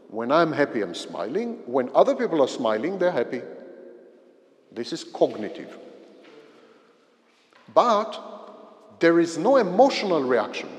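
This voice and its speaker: A man giving a psychology lecture at a university, explaining slowly, repeating key phrases and giving everyday examples. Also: medium pitch. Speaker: visiting psychology professor. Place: lecture hall. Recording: long reverb of a lecture hall.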